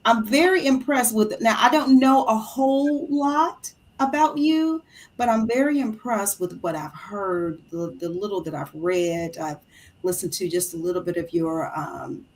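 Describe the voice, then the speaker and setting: A woman's voice: mid-range voice, a little slow. A woman hosting a radio talk show, interviewing her guest in a casual way with many effusive exclamations.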